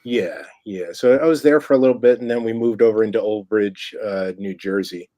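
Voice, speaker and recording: A man from Staten Island with a faint New York accent, a filmmaker guest chatting in a relaxed way on an interview show. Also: on the low side, brisk, no echo. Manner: relaxed and chatty, with many fillers. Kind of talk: casual interview chat.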